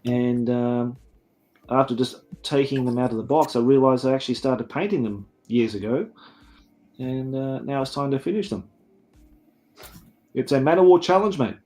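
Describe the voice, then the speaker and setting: A man's voice: medium pitch, normal speed, pauses often, darkish tone. Chatty Australian man, casual host. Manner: chatty, jokey, laughs often. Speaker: podcast host. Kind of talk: casual chat.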